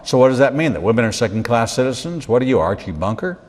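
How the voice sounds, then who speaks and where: Man, rabbi, sermon-style Bible teaching, animated, repeats phrases for emphasis, medium pitch, long hall reverb. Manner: animated, repetitive emphasis, dramatic pauses, humorous asides.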